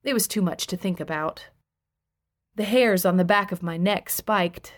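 A woman's voice: on the low side, unhurried. A woman reading a first-person audiobook in a wry, conversational storytelling voice. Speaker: audiobook narrator.

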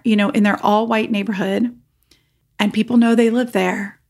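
Earnest emotional American woman podcaster. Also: medium pitch. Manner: emotional, earnest, repeats phrases for emphasis. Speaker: podcast host. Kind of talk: personal podcast monologue.

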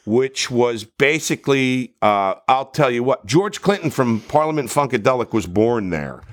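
A man from New Jersey telling stories in casual podcast chat, profane and animated. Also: medium pitch, a little slow. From New Jersey, USA.

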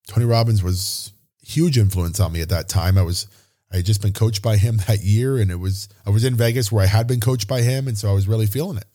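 A man's voice: on the low side, fast talker, dark tone. A man hosting a podcast, telling a personal story in an earnest, openly emotional way. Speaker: podcast host.

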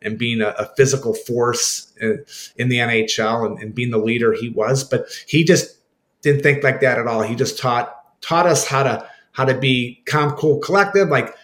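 A man at a middle pitch, a former hockey player, recalling an old teammate in a radio interview. He stalls and repeats himself, then acts out old conversations in quick bits of dialogue. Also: fairly bright tone. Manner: halting, repeats words, acts out quoted exchanges. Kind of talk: reminiscing in an interview.

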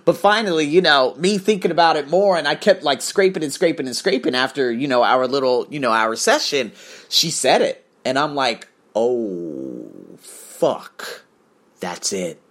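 A man's voice: on the high side, brisk, a bit bright. A man telling a blunt, profane personal story in a confessional monologue.

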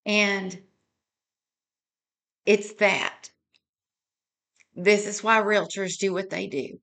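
Casting: woman podcast host, slow unhurried delivery, bright tone, earnest and emotional. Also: mid-range voice, fairly even intonation, vocal fry. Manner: earnest, emotional, talks numbers through aloud. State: tearing up. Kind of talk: heartfelt podcast monologue.

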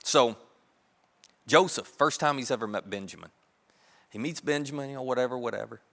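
A man preaching a sermon, telling a story in a lively way and acting out the characters' voices. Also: mid-range voice, fairly quick, gravelly. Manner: animated, acts out characters' voices. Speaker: pastor. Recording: long reverb of a large hall.

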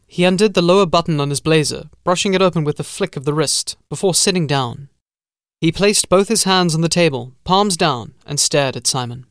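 Man, audiobook narration, measured, slightly high voice, dry sound. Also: fairly bright tone, no echo. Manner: measured storytelling.

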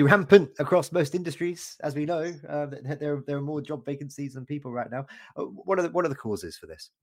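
A man's voice: mid-range voice, darkish tone. Upbeat British man hosting a podcast. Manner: upbeat, with stumbling repeats. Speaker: podcast host. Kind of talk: podcast interview questions.

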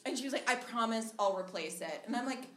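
A woman's voice: fairly high pitch, fast talker. A young woman from Minnesota telling a funny story live on stage, chatty and laughing as she goes. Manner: chatty, animated, laughs through her story. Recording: echoey live room with loud background noise.

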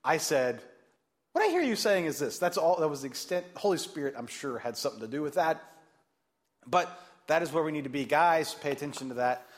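A man preaching a sermon as pastor, animated and joking, acting out the voices he quotes. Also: a little high, fairly quick.

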